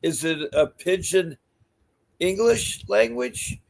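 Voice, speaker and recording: A man's voice: high voice, animated, slow, gravelly. A man hosting a call-in advice show, asking folksy questions and steering the conversation. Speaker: talk show host.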